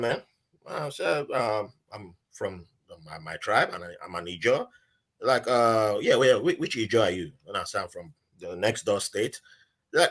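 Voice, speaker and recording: A man's voice: medium pitch, moderate pace. A man with a Nigerian accent, a podcast guest telling a story in casual chat and acting out the voices he quotes. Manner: animated storyteller who acts out quoted voices.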